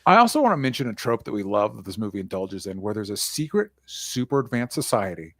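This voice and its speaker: A man hosting a casual movie discussion podcast, rambling and a bit profane with quick asides. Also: lowish voice, sing-song, no echo, clean studio sound. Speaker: podcast host.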